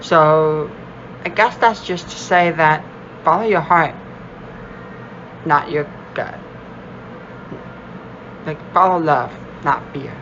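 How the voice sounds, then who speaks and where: A man gently telling a heartfelt personal story to camera. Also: on the high side, takes it slowly, pauses often, muffled recording, a little hiss or hum. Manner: soft, heartfelt, reflective.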